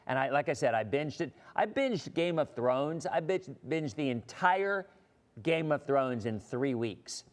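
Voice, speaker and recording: A middle-aged man from Florida, a weather broadcaster hosting a casual livestream and chatting in a rambling way. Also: on the high side. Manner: rambling, chatty, with frequent restarts. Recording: long hall reverb.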